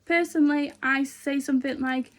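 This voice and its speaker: A woman's voice: high-pitched, fairly even intonation, moderate pace. A woman talking casually to camera as a vlogger, chatty and rambling, earnest and upbeat. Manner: chatty and rambling, many fillers.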